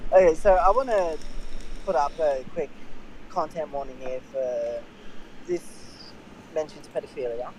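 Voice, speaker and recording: Male co-host, high voice, rambling. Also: measured pace, long pauses, a little mellow, a little hiss or hum, poor audio. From Australia. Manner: explains at length with many fillers. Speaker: stream co-host. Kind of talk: casual chat.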